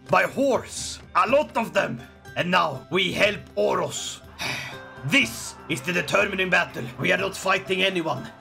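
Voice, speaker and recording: A man giving playful let's-play commentary, theatrically shouting mock battle orders and giggling, with game music behind. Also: sits high, gravelly. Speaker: gaming YouTuber.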